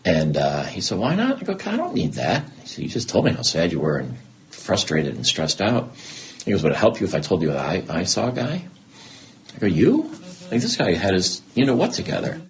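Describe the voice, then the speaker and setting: Speaking a little fast in a low voice, a middle-aged man appears as a guest on a podcast, with slight background noise. He is candid about his life and is a lively storyteller who acts out the exchanges he recalls.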